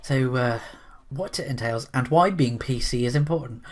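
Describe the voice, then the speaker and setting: A man's voice: mid-range voice, moderate pace, hardly any pauses. Rambling, sarcastic man ranting. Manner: rambling and sarcastic, restarts and asides. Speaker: commentary vlogger. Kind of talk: opinionated commentary.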